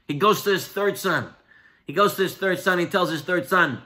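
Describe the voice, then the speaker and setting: A rabbi gives a lively Torah class and tells a parable along the way. His voice is high and bright. He leans hard on key words, then drops to a soft hush. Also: a little fast. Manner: animated, emphatic, shifts between loud and soft.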